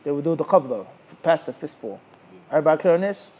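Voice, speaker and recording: High-voiced man teaching a religious class. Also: quick pace. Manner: rhetorical questions asked to the audience; animated, emphatic. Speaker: Islamic teacher.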